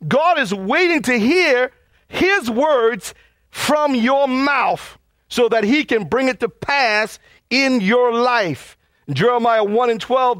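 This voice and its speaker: A man's voice: extremely high pitch, a bit bright, no room sound. A man preaching a sermon as pastor, urging his congregation with fervent, repeated calls.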